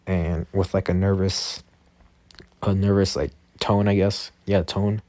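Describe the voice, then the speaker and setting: A man's voice: sits low, level tone, unhurried, mellow, no room sound. A man improvising a fan story, rambling and correcting himself with many fillers, over a voice chat. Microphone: Discord voice chat.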